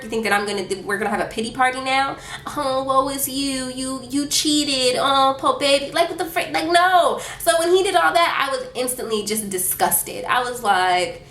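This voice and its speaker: A woman's voice: medium pitch, a bit bright. A young woman vlogger telling a storytime in a casual, blunt, slangy way, acting out the quotes. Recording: echoey room with faint background noise.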